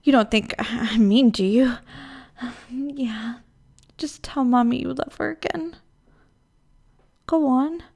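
A possessive, menacing motherly captor, played by a woman in an audio role-play. The voice sits high and coos with breathy edges. She takes her time, drawing out every word. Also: slow pace, long pauses, a little mellow, full character voice. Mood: soothing menace.

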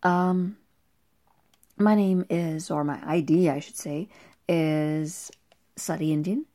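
A woman with a North American accent, hesitantly recording a casual voice verification with pauses and fillers. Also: deep voice, steady tone, warm tone. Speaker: voice actor.

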